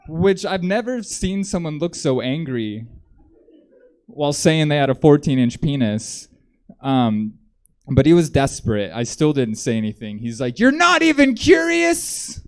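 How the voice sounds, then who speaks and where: A man doing a stand-up comedy set on a theater stage, rambling in a deadpan way with frequent ums. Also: mid-range voice, measured pace, smooth.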